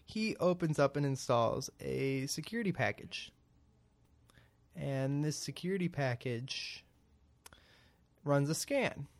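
Young male co-host, higher-pitched, lively casual storyteller. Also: takes it slowly, pauses often. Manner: animated storyteller acting out both sides of a call. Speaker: podcast co-host.

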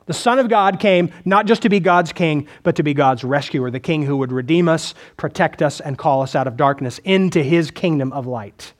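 A pastor preaches conversationally in a high, animated voice at normal speed. He asks his listeners questions and often starts his sentences over.

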